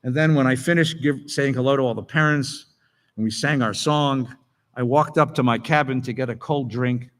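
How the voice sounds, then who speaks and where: Storytelling rabbi in an echoing hall. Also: male voice, mid-range voice, moderate pace, fairly bright tone. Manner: storytelling, leads the congregation. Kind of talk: sermon. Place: synagogue sanctuary. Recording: long reverb of a large hall.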